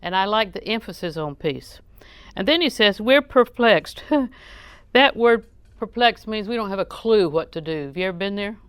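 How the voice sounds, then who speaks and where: A woman's voice: mid-range voice, lively intonation, moderate pace, fairly bright tone, clear, resonant tone, no echo. A woman preaching a sermon in a conversational, joking way, often questioning her audience.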